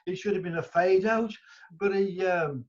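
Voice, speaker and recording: A man's voice: high-pitched, normal speed, darkish tone. Rambling older man. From England. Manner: rambling, many restarts and fillers. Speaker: guest musician. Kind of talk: casual interview storytelling. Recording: dull lo-fi audio.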